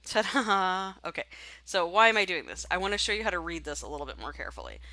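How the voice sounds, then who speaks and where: A woman instructor narrates a screen-recorded statistics tutorial, chatting and thinking aloud as she clicks through menus. Her voice sits a little low yet sounds bright and forward. The recording is dry and close, with no room sound. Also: big pitch swings, racing, creaky, no echo.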